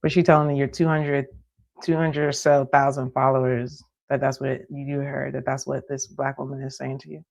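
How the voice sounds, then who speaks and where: A woman's voice: extremely low pitch, little pitch movement, normal speed, vocal fry, a little mellow, lo-fi sound. A woman hosting a live stream, delivering an indignant commentary rant with restarts and disbelieving laughter.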